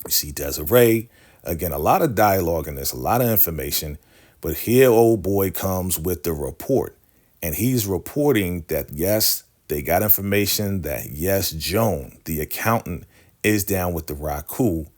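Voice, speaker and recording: A deep-voiced man walks through a TV episode in a casual recap, slangy and chatty. He keeps tossing in asides as he retells each scene, sounding like a friend catching you up. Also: animated, measured pace, darkish tone. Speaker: recap show host.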